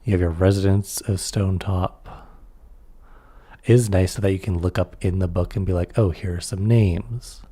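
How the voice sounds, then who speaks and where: Low, dark-voiced man reading rules. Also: level tone, normal speed. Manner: reads rules aloud, then comments offhandedly. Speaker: host reading through a tabletop RPG rulebook. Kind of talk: casual rulebook read-through.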